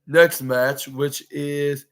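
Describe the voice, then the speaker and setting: Rambling man recapping wrestling, bright voice. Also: medium pitch, fairly even intonation. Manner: rambling, halting, many fillers and restarts, acts out quotes. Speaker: podcast host.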